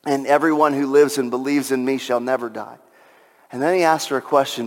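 A man's voice: medium pitch, fairly even intonation, fairly quick, darkish tone, big-room sound. A male pastor preaching an Easter sermon with passion, repeating key lines for emphasis.

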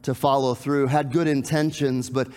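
A man preaching a sermon, animated, asking the congregation questions and acting out scenes. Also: mid-range voice, normal speed, in a large hall. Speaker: pastor.

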